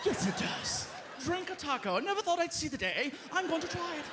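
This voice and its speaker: An eager, excited fan with a put-on Australian accent, played by a man. The delivery is plummy and over-polite, a little high and lively. A live audience roars in a noisy theater behind. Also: fairly quick, a crowd in the background.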